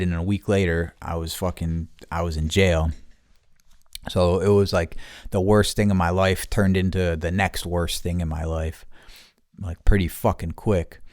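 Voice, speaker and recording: A middle-aged man on a podcast, casually telling a profane, animated story full of quoted voices. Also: sits low, no echo, studio quality. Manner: profane, animated retelling with quoted voices, turning quiet and somber. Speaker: podcast host.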